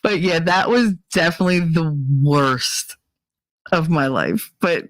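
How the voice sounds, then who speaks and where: A woman's voice: low voice, expressive, unhurried, dry recording, rough recording. A woman hosting a podcast, telling a story in a frank, profane, casual way and laughing often. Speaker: podcast host.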